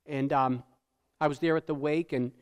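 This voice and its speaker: A male pastor preaching a sermon in a conversational style, often asking "right?" and dropping to a hush for solemn points. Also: a little high, fairly even intonation, moderate pace, clear, resonant tone. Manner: tag questions, repeats words. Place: church sanctuary. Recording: church hall with long reverb.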